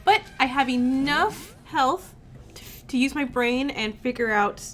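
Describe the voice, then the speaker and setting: A woman's voice: high voice, expressive, a little slow, fairly bright tone, soft background music. A woman streamer with a sick-sounding voice, chatting casually and reading game text aloud as she plays. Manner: chatty, reacts with sighs and groans between read lines. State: recovering from illness, sick-sounding voice. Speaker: let's play streamer.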